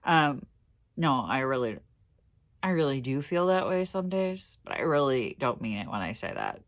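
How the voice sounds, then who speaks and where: Middle-aged woman vlogger, low voice, swings wide, teary but laughing. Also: big pitch swings, normal speed. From Minnesota. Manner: emotional, teary, laughing through it. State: tearful. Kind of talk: casual personal vlog.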